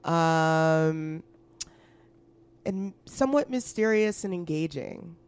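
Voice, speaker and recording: A woman's voice: sits low, animated, takes it slowly, a little mellow, clear, resonant tone. A woman co-hosting a podcast, blunt in casual chat, swearing often and laughing a lot. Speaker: podcast co-host.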